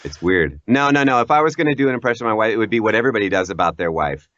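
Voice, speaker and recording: A voice actor being interviewed, a man with a lowish voice that swings widely in pitch as he talks. He is animated and self-deprecating and laughs easily. The sound is dry and a bit dull and lo-fi. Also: racing, no echo. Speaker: voice actor guest. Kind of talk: casual interview chat. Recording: dull lo-fi audio.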